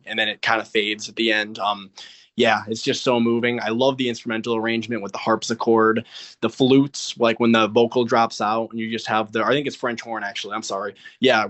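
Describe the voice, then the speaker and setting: Young dude on a podcast, earnest and enthusiastic, lots of um and you know. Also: male voice, mid-range voice, a bit bright. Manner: earnest, enthusiastic, many ums and you-knows. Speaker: podcast co-host. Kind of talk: casual chat.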